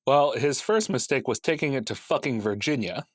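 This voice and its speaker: A man's voice: mid-range voice, lively intonation, moderate pace. A man co-hosting a podcast in casual chat, making sarcastic wisecracks and swearing. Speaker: podcast co-host.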